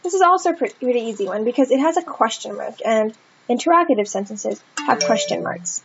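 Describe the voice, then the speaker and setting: A woman's voice: on the high side, husky, highs cut off. A woman giving a casual grammar lesson, talking it through in a chatty way and acting out example sentences. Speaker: student tutor.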